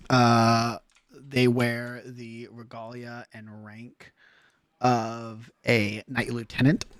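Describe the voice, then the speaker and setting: A male game master narrates a tabletop scene in a loose, relaxed flow, full of fillers and restarts. His voice sits at a middle pitch, and the sound is dry and close-miked, with no room around it. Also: no room sound.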